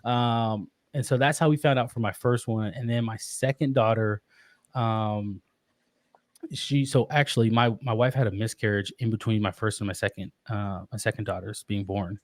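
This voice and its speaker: A man in his thirties telling a personal story in casual conversation, animated and laughing often. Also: on the low side, normal speed, no room sound. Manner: animated, laughs often, acts out quoted voices. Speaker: podcast guest.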